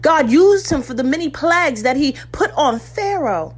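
A fervent woman delivers a sermon with a high, bright voice. She speaks personally to her listeners and acts out the voices of biblical figures as she tells the story. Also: lively intonation, moderate pace. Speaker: preacher.

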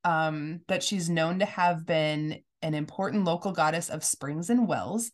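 A woman co-hosting a podcast in casual chat, her voice a little gravelly from being sick, chatty and giggly with lots of fillers. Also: sits low, measured pace. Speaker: podcast co-host.

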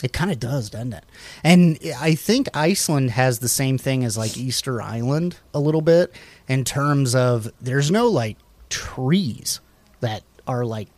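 A man's voice: medium pitch, a little slow, no room sound. Rambling, easygoing male podcast host. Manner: relaxed, rambling, many fillers and restarts. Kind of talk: casual chat reading from slides.

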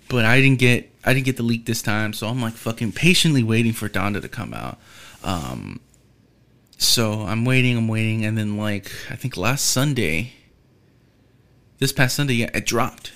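A man talks through a casual podcast monologue, his voice sitting at an ordinary middle pitch. He rambles, restarts his sentences and drops "um"s everywhere. Profanity slips in constantly and easily. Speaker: podcast host.

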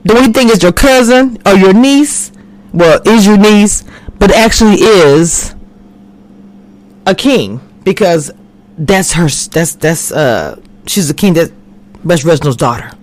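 Animated woman recapping a TV show. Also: medium pitch, measured pace, no echo. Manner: animated, acts out the characters' lines. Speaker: TV recap reviewer. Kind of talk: casual chat. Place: home, recording a live stream.

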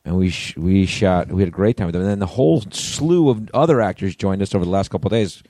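A man co-hosting a podcast in casual chat, teasing his partner and quick to laugh. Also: sits low, animated, dark tone, no room sound. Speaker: podcast co-host.

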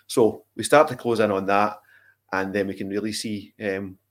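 A man's voice: lowish voice, steady tone, moderate pace. A man giving his views in a casual football podcast chat.

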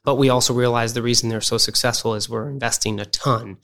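A man's voice: medium pitch, quick pace. A man, a company executive, talking through an interview and telling stories with energy. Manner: animated storyteller, acts out quoted people. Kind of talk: conversational interview.

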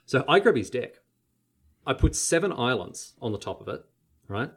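A man on a casual podcast, telling a story in an animated way and acting out the quotes. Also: normal speed, husky. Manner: animated storyteller, acts out quotes with big pitch jumps.

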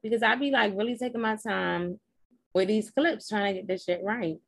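A woman's voice: medium pitch, moderate pace, creaky, no room sound, clean studio sound. A young adult woman hosting a casual live podcast recap, talking straight to her listeners in a rambling, blunt and profane way. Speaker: podcast host.

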